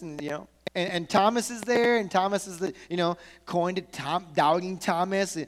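High-voiced pastor preaching in a reverberant hall. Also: male voice, normal speed, few pauses. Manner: conversational preaching, rhetorical questions, acts out voices. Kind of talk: sermon.

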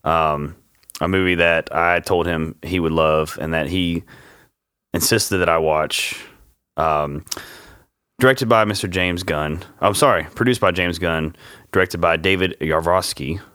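A man's voice: sits low, steady tone, unhurried, a bit bright, clean tone, no echo, clean studio sound. A man co-hosting a casual horror-movie podcast, enthusiastic and agreeable and given to rambling. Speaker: podcast co-host.

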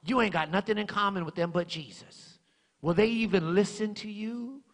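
A sneering devil hisses doubts in a low, taunting whisper, as a preacher puts him on. The voice rings out with a long hall echo behind it. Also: male voice, moderate pace, fairly bright tone.

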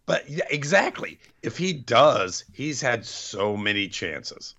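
A man's voice: medium pitch, very animated, takes it slowly, creaky, a bit bright, lo-fi sound. A man co-hosting a casual podcast, skeptical and hesitant, often restarting his sentences. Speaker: podcast co-host. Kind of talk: casual chat.

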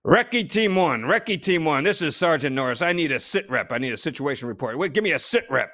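A man voicing a brisk male army sergeant who calls over the radio in clipped military talk. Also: fairly high pitch, animated, fairly bright tone. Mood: urgent.

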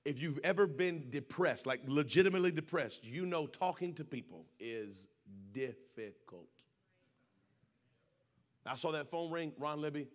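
A man's voice: fairly high pitch, lively intonation, normal speed, hardly any pauses. A man preaching a sermon at a church service, telling a personal story and speaking straight to the congregation. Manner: earnest personal storytelling, addresses congregation directly.

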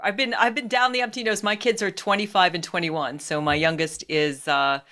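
A woman's voice: on the low side, fairly even intonation, moderate pace, bright, forceful tone. A woman in her fifties hosting an interview, asking questions and offering encouraging reflections. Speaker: podcast host.

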